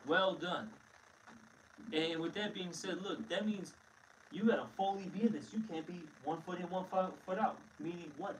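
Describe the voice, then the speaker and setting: A man's voice: sits high, moderate pace, a little hiss or hum. A man teaching scripture in a blunt, emphatic way, often calling listeners "man", recorded from a distance.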